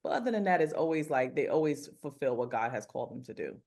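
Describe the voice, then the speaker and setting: A woman's voice: extremely low pitch, lively intonation, fast talker, darkish tone. A woman, a makeup artist, talking earnestly about her faith and mentoring in a casual interview, with many fillers and restarts. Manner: earnest, rambling, frequent fillers.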